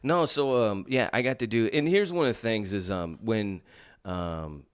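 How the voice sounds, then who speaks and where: Low-voiced podcast guy, slight southern drawl, swears a lot, rambles, dry close sound. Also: unhurried, clear, resonant tone, dry recording. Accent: slight Southern American drawl. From Southern California. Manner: rambling and profane, full of filler phrases. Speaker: podcast host. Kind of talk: casual chat.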